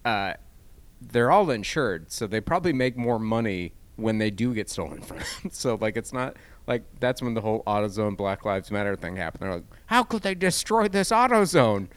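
A man's voice: lowish voice, normal speed. Jokey Midwestern male podcast co-host. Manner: laid-back, jokey, laughing asides. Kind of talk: casual chat.

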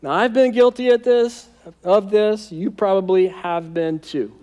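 A man's voice: high voice, measured pace, darkish tone, clear, resonant tone. A man preaching a sermon as pastor, conversational and humorous, often checking in with "right?".

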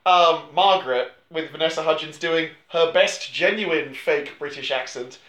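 A man's voice: fairly high pitch, measured pace, a bit bright. A man on a film podcast, wry and storytelling as he retells scenes. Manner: wry, storytelling, mock voices. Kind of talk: casual chat. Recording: roomy echoey room.

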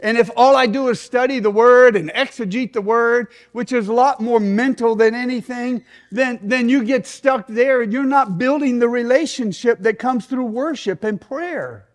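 A middle-aged man, a pastor preaching a sermon in an animated way that sinks into soft prayerful tones. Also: very high voice, normal speed, few pauses.

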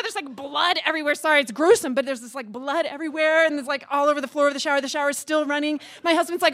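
A woman in her thirties telling a personal story on stage in a chatty, animated way, acting out the dialogue. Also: high voice, quick pace, hardly any pauses.

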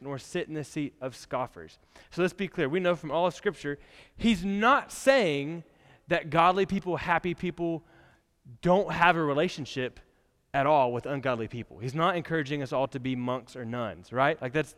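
A man's voice: fairly high pitch, fairly bright tone, clear, resonant tone. A young man preaching a casual, conversational sermon in a church, chatty and laughing often, with many fillers. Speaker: pastor. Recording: long church hall reverb.

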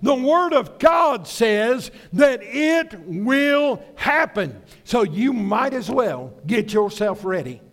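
A man's voice: very high voice, big pitch swings, takes it slowly, hardly any pauses. A man preaching a sermon as pastor, folksy and emphatic, mixing stories with scripture.

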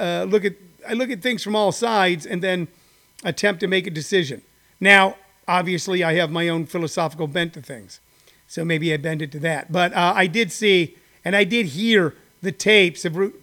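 A man's voice: high voice, moderate pace, fairly bright tone. An older man hosting a podcast, giving rambling, opinionated commentary. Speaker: podcast host. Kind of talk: casual political commentary.

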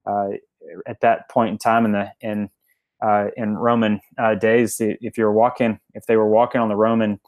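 A man's voice: on the low side, little pitch movement, normal speed, darkish tone, no room sound. A man telling a story in a casual interview, rambling with many restarts and fillers. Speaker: guest, family member of a restaurant chain.

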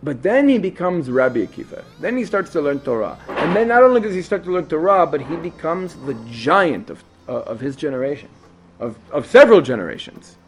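Animated man teaching a Torah lesson. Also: a little high, brisk, husky. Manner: storytelling, animated with many restarts and asides.

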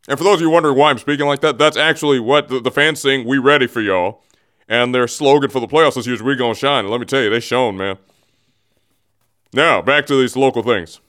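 A radio host speaks into a studio microphone, in a studio that's also streamed on camera, rambling and joking as he builds up a tease and often restarting mid-thought. His mid-range, fairly bright voice moves fast in this casual radio monologue.

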